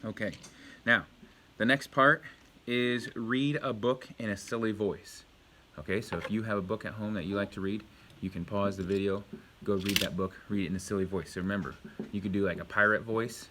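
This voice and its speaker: A man's voice: fairly low pitch, steady tone, fairly quick, noisy background. A male elementary school teacher giving a home video lesson to young pupils, patiently asking questions and praising the answers.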